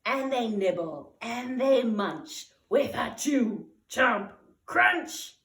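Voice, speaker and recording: A woman teacher reading a picture book aloud, slow and expressive, with dramatic gasps. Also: on the high side. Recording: echoey room.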